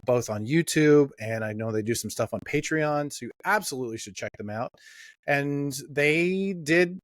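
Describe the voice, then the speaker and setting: A man's voice: medium pitch, no room sound, clean studio sound. Chatty man hosting a podcast. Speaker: podcast host. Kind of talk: casual show intro.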